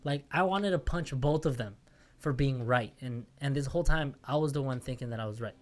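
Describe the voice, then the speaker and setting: A man's voice: mid-range voice, brisk. A man hosting a solo podcast, venting in a rambling, profane, self-mocking casual rant. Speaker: podcast host.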